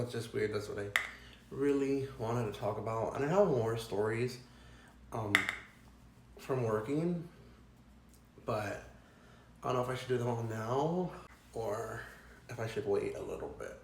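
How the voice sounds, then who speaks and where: A young man ranting through a storytime in a loose, exasperated way, swearing freely and tripping over filler words. His voice sits at a middling pitch. The room around him rings with noticeable echo. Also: moderate pace, gravelly, long pauses, darkish tone, slight background noise. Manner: profane, exasperated, rambling with many likes. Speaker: vlogger. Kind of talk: casual storytime rant. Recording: echoey room.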